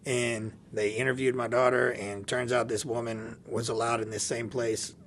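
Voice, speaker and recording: Animated man telling a story. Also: mid-range voice, normal speed, a little hiss or hum. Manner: animated, laughs often, acts out dialogue. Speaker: podcast guest. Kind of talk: casual storytelling.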